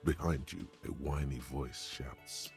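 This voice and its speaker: A deep, gravelly game narrator. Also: male voice, fairly even intonation, slow, music in the background, full character voice. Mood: measured. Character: grave, detached male narrator voice.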